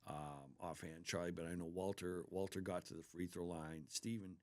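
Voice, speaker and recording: A man's voice: deep voice, fairly even intonation, normal speed. A man who is a basketball head coach, talking earnestly in a casual interview and telling stories about his players with enthusiasm.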